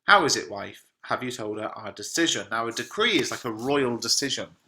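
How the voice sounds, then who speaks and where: A man's voice: medium pitch, expressive, fairly quick, bright, forceful tone. A man explaining a play line by line in a chatty teaching manner. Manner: chatty, plain paraphrasing. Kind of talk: literature lesson explaining a play.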